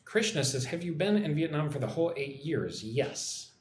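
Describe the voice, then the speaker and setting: A man from the United States teaching English on a live stream, explaining words slowly and checking in with "right?" after each point. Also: on the high side, animated, reverberant, a little hiss or hum.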